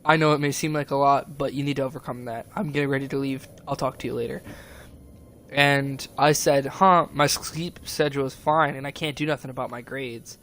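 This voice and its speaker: A man's voice: medium pitch, fairly even intonation, brisk, fairly bright tone, a little hiss or hum. A young man streaming, rambling and agitated as he retells a falling-out, with lots of fillers and restarts. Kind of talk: casual stream chat, retelling a conversation.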